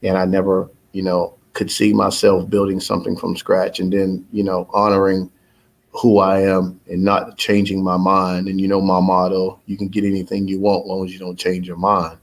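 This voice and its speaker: A man's voice: deep voice, completely flat delivery, normal speed, gravelly. A man, likely in his thirties, giving a rambling, motivational update to his followers about his business, with many fillers and restarts. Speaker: business owner addressing followers. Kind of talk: casual spoken update.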